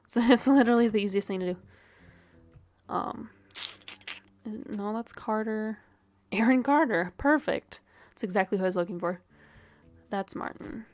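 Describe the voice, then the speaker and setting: A young adult woman streaming a game, chatting casually and rambling with lots of "like", wry asides and soft laughs. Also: mid-range voice. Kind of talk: casual gameplay commentary.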